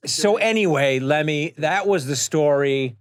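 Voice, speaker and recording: A middle-aged man co-hosting a podcast, talking in casual chat with a grumpy, quick back-and-forth. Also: fairly high pitch, clear, resonant tone. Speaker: podcast co-host.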